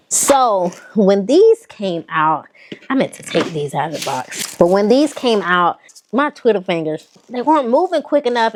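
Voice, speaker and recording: A woman with a Southern accent, chatting casually and sassily to her viewers while showing off a fashion haul. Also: medium pitch. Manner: sassy, animated, talks straight to viewers. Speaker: fashion vlogger.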